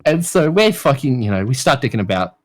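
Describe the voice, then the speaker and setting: Lively swearing Australian man telling stories. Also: medium pitch, fairly quick. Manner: lively, crude, swears often. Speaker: podcast guest. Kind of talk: casual storytelling.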